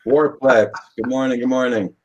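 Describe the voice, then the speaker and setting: A man's voice: medium pitch, steady tone, moderate pace, husky. A man co-hosting a live drone chat stream, friendly as he welcomes viewers and sends them off.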